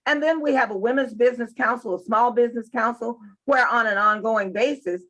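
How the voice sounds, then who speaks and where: A woman's voice: on the high side, a little fast, a bit bright. Emphatic woman. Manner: emphatic, repeats points for stress. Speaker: chamber of commerce president and CEO. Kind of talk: interview guest.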